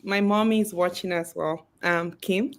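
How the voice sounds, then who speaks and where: A woman's voice: fairly low pitch, steady tone, a little slow. A woman in her thirties, an author guest on a video call, emotional and holding back tears, hesitant and grateful. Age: 30s. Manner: soft-spoken, hesitant, grateful. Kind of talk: interview over video call.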